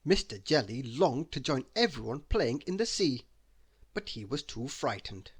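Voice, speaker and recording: A man reading a children's bedtime story aloud, slow and expressive. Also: mid-range voice, slightly rough.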